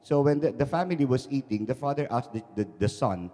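A male priest giving a sermon, telling jokes in a lively way and acting out the characters. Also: medium pitch, brisk. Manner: lively storytelling, acting out voices. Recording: echoey hall.

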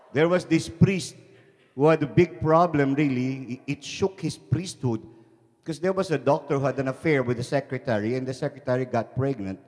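A man preaching a sermon, telling joking stories in an animated way with many restarts. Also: mid-range voice, normal speed. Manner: animated storytelling, frequent restarts. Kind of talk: sermon with jokes. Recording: long reverb of a large hall.

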